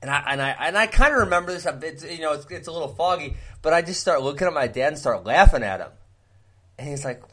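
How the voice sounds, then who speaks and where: Animated, laughing male podcast storyteller. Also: on the high side, fast talker. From Wisconsin. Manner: animated, rambling, laughs often while telling stories. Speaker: podcast co-host. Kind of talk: casual storytelling chat.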